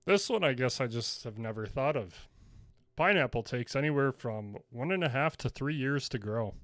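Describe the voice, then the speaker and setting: A man co-hosting a casual podcast, reading out trivia facts in a measured way. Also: medium pitch, expressive, fairly bright tone, no room sound, studio quality. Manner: reads facts in a measured way, laughs along. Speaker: podcast co-host.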